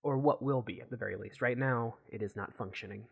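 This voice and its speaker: A man narrating as game master, describing scenes in a halting way with many fillers. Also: medium pitch, vocal fry, slightly rough. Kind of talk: improvised tabletop narration.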